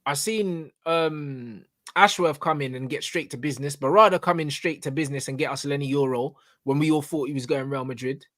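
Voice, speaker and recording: A man's voice: a little high, fairly quick, hardly any pauses, a bit bright, dry recording, clean studio sound. A young man arguing about football in casual chat, passionate and sprinkled with swearing. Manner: passionate, swears, repeats "do you know what I'm saying". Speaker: co-host, football fan.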